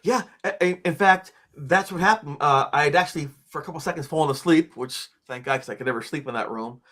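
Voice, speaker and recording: Animated older male storyteller. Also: a little high, fast talker. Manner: lively, acts out quotes and screams, frequent "like" fillers. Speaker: interview guest, author and teacher.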